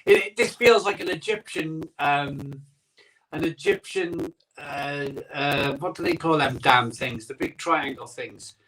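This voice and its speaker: A man's voice: on the high side, unhurried, pushed and bright, recorded from a distance, rough recording. A man hosting a live stream from his home conservatory, rambling and chatting casually while greeting viewers, recorded on an iPhone. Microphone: iPhone microphone.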